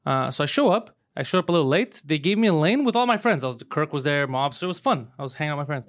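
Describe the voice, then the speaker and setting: A man co-hosting a podcast, telling a story in a loose, animated way, swearing and laughing as he goes. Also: fairly high pitch, rapid-fire. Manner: animated, swearing, laughs through his stories. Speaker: podcast co-host. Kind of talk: casual storytelling chat.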